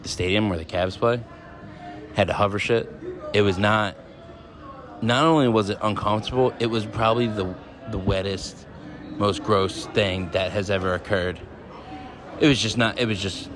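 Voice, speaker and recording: A man sending a casual voice memo, complaining bluntly and deadpan. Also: on the low side.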